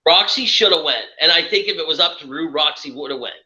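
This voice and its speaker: Bright-voiced man in an echoey room. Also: a little high, animated, fast. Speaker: podcast co-host. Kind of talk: casual roundtable chat.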